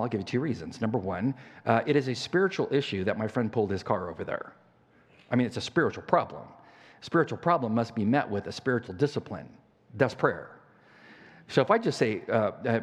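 A man's voice: on the low side, slightly rough. An older man preaching a sermon as pastor, telling a story in a conversational way with many fillers and restarts. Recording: church hall reverb.

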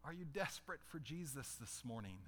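A man's voice: on the high side, lively intonation, brisk, a bit bright. A middle-aged man preaching a conversational sermon as a pastor, putting questions to his listeners.

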